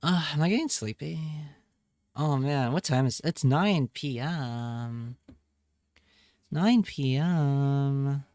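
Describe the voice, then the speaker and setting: A man's voice: mid-range voice, slow, a little mellow, dry recording, studio quality. A man chatting casually on a live stream, reading chat aloud and joking around. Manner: playful, jokey, reads chat aloud.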